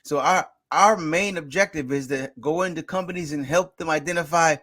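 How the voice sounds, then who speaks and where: A man guest on a business show, talking with lively energy and frequent restarts. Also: on the high side, normal speed. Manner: energetic, warm storytelling with restarts. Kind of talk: casual interview talk.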